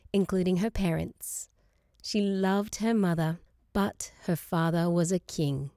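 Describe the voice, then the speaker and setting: Audiobook narrator, woman, expressive and measured, dry close-miked studio sound. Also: mid-range voice, no echo. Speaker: audiobook reader. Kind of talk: scripted narration.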